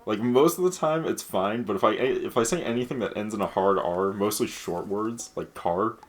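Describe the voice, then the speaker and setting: Low-voiced dude w/ slight boston accent, laughing and swearing while he plays. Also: moderate pace. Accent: light Boston. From Massachusetts. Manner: rambling, laughing, swears freely. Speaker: game streamer. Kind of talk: casual chat over gameplay.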